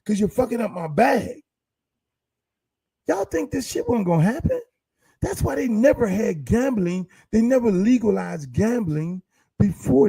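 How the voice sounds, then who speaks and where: Gravelly high-voiced man ranting. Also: mellow, no room sound. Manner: profane, heated, rhetorical. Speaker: podcast host. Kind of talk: casual ranting commentary.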